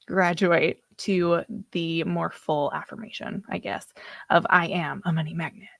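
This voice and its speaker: Chatty woman coach with a gravelly voice. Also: lowish voice, fairly bright tone, no room sound, clean studio sound. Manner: chatty, loose and self-deprecating, loses her place in her notes. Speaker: personal development coach. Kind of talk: live online workshop teaching.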